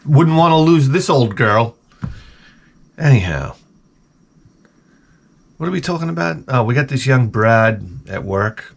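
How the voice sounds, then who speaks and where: A man's voice: medium pitch, animated, a little slow, gravelly, pauses often. A man in his forties with a sarcastic, self-mocking manner, rambling through a comic story outdoors by his shed. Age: 40s. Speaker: vlogger. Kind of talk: rambling comedic monologue.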